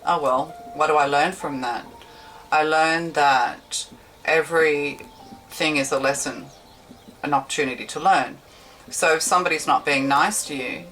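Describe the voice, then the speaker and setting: A woman's voice: deep voice, fairly bright tone. A woman giving a casual tarot reading, chatty and rambling, often correcting herself mid-sentence. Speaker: tarot reader. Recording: slightly distant mic with faint background hiss.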